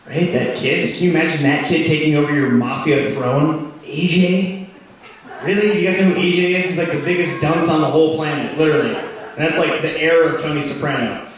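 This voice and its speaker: Stand-up comedian, man, slightly high voice, rambling delivery, picked up from a distance in a reverberant club with an audience laughing. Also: fairly quick. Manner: rambling, filler-heavy delivery with sudden loud outbursts. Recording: echoey club recorded from far off with audience.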